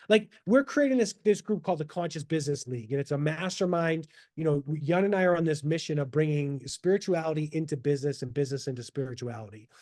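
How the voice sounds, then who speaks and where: A man speaking as a podcast guest in casual interview talk, animated and motivational, over a video call. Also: fairly high pitch. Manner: animated, motivational, quotes himself in asides.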